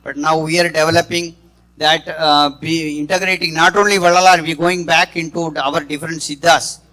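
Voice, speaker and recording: A middle-aged man giving a spontaneous talk, halting and often restarting his phrases. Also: on the high side, level tone, bright, forceful tone, rough recording. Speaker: speaker on spiritual healing.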